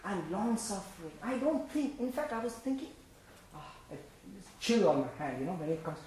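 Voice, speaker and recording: A man preaching a sermon, swinging between loud, emphatic bursts and quiet, low asides, often laughing as he speaks. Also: sing-song, normal speed, a little hiss or hum. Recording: very echoey church hall.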